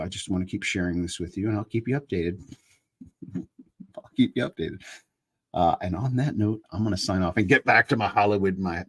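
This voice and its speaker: A man's voice: on the low side, husky. A man in his fifties hosting a casual live chat, talking earnestly and building into emphatic preaching. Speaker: online show host.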